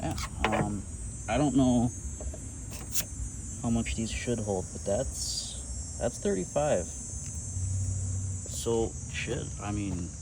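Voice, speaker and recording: A man's voice: fairly low pitch, lively intonation, extremely slow, long pauses. Dry-humored Midwestern man in noisy garage. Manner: dry self-mocking humor, thinking aloud. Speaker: car restoration vlogger. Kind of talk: casual garage vlog. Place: home garage and driveway, outdoors.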